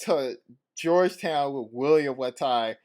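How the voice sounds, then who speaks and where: A podcast co-host with a medium-pitched, somewhat mellow voice talks a little slowly. In casual chat, he tells rambling, profane stories and laughs a lot.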